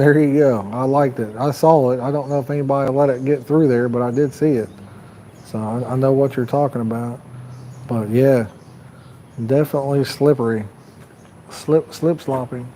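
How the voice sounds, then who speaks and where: A man's voice: medium pitch, warm tone, slight background noise, rough recording. A man hosting a fishing livestream outdoors by a pond, chatting loosely and rambling to his viewers. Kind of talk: casual live-stream chat.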